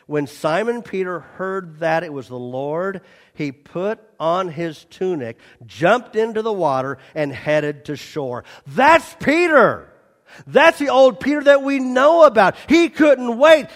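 A man preaches a sermon with a high voice, reading scripture in an even tone before swelling loudly on quoted lines and appeals to the listeners. The sound carries a long reverb from a large church hall. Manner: animated preaching, surging loud on quotes and appeals. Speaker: pastor.

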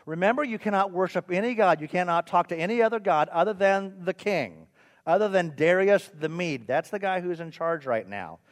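A pastor preaches in a higher-pitched man's voice to a church. He fires questions at his listeners and chats with them, and he pokes fun at himself. A long reverb of the hall follows him. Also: expressive, moderate pace. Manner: questioning, conversational, self-mocking. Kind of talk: sermon.

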